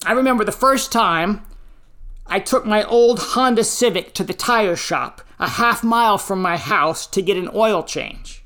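A pastor giving a sermon, reading scripture and teaching with deliberate, emphatic phrasing. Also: medium pitch, expressive, fairly bright tone.

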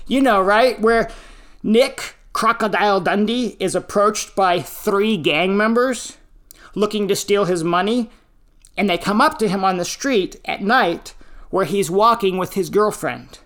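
A pastor giving a sermon, reading scripture and teaching with deliberate, emphatic phrasing. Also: medium pitch, fairly bright tone.

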